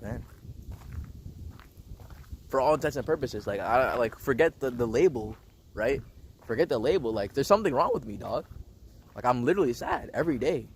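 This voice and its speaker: Young male vlogger, rambling slangy delivery, mid-pitch, faint background noise. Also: expressive, a little fast, long pauses. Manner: slangy, rambling, says bro and dude a lot. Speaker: self-improvement vlogger. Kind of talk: casual personal monologue.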